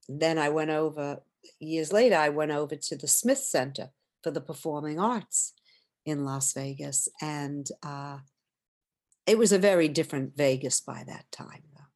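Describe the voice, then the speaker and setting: An older woman, a stage singer, telling lively anecdotes in an interview, acting out quotes and laughing often. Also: low voice. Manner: animated storyteller, acts out quotes, laughs often.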